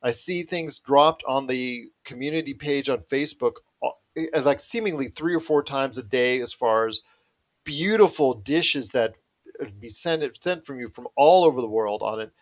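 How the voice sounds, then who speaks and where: Guy hosting a pop culture podcast, mid pitch, keeps saying things are so good. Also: normal speed. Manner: enthusiastic, repetitive. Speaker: podcast host. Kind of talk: casual chat.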